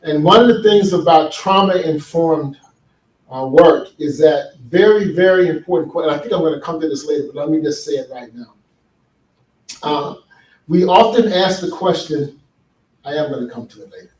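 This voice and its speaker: An earnest male speaker addresses an audience in a large hall about men's healing, telling stories and asking questions. His voice leans high and a little mellow at a moderate pace, heard from a distance in an echoey recording.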